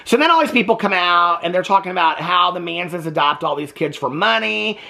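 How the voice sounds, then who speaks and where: Casting: male reaction host, lively swooping delivery, exasperated and chatty. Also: on the high side, creaky. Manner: animated, exasperated, talks in quick asides. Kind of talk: casual commentary recap.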